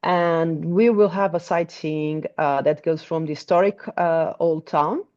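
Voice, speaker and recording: A woman's voice: sits low, a little slow, a little mellow, muffled recording. A woman with a Portuguese accent, a tour guide chatting in an interview, hesitant with many restarts. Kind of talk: casual interview chat.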